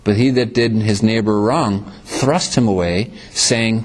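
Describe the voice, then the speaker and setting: A man preaching a sermon, reading scripture and explaining it, his voice dropping low and rising again for emphasis. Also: measured pace, hardly any pauses, a little hiss or hum.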